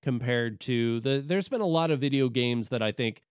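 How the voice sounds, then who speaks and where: A man's voice: mid-range voice, lively intonation, moderate pace, clean tone, no echo, clean studio sound. Rambling man in casual game chat. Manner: rambling, with many fillers and restarts. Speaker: podcast co-host. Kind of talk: casual chat about video games.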